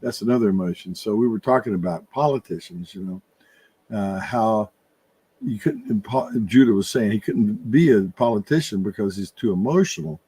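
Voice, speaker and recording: An older man in casual conversation, thinking out loud in a rambling way, with many restarts and fillers. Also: fairly low pitch, lively intonation, moderate pace, slightly rough. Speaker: podcast co-host. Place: room with his wife nearby.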